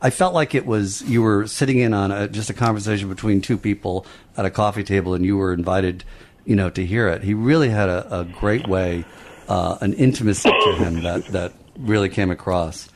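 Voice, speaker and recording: A man's voice: lowish voice, a little fast, slight background noise. A man co-hosting a radio talk show, easygoing and reflective. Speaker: radio co-host. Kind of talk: casual chat.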